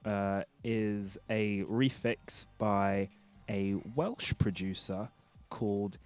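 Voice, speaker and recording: Laid-back radio host. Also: male voice, on the low side, fairly even intonation, drawn-out words, smooth. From London. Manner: laid-back, jokey, slangy. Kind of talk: casual radio chat. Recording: music playing behind.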